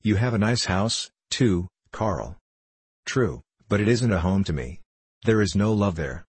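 A man's voice: fairly low pitch, lively intonation, measured pace, darkish tone, breathy edge, no echo. A man reading the lines of an unhappy boy from a loveless home, glum and resigned.

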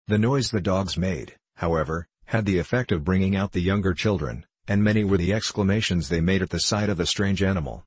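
A man narrating an old adventure novel in the first person, unhurried and measured. His voice is very low and a little husky. The recording is dry and close, with no room echo. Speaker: audiobook narrator. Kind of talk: audiobook narration.

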